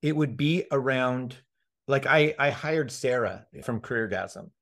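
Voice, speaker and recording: A man talking on a casual podcast, his voice sitting at a middle pitch. He gets fired up easily, swears freely and keeps restarting his sentences between bursts of laughter. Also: animated, a little slow, a bit bright. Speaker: podcast host.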